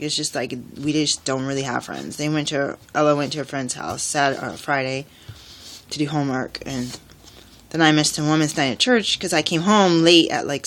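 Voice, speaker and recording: A woman's voice: extremely low pitch, a bit bright, a little hiss or hum. A tired single mother rambling through a personal vlog, full of fillers and restarts, sounding exhausted. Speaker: single parent vlogger.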